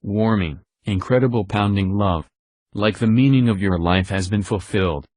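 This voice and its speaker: Robotic low male text-to-speech voice. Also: normal speed, a little mellow, dry recording. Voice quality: robotic synthetic voice. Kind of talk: text-to-speech religious narration.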